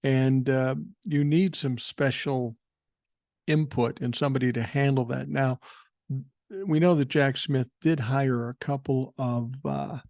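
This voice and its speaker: Older man, podcast host, blunt and profane, middle pitch, dry close sound. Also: steady tone, unhurried, a little mellow, dry recording. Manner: blunt, profane, opinionated, thinking aloud with fillers. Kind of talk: casual political commentary, reading listener emails.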